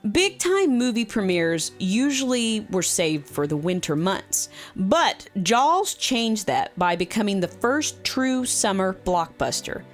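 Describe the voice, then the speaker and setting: A woman hosting a movie review vlog, chatty and animated with casual fillers. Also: mid-range voice.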